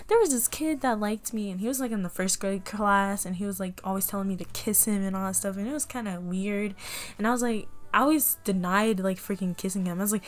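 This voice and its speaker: A young woman casually telling a personal story to the camera, animated and often laughing as she acts out what people said. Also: mid-range voice, fairly quick. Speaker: vlogger.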